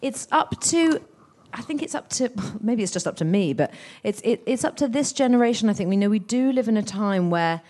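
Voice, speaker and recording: A woman actress chatting as a guest in an interview, telling stories in an animated, expressive way. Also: fairly high pitch, fairly quick, few pauses. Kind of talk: anecdotal interview chat.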